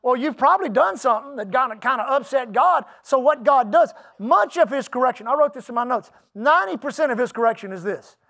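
Casting: middle-aged man, pastor, emphatic folksy sermon storyteller, high-pitched voice. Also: expressive, brisk, vocal fry, few pauses, a bit bright. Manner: storytelling, folksy and emphatic, with laughs and asides to the congregation.

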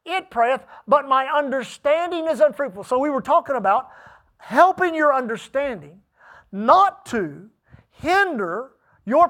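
A male preacher delivering an emphatic sermon, swinging from shouted peaks to hushed asides and calling on his listeners to answer back. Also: very high-pitched. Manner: calls for audience responses.

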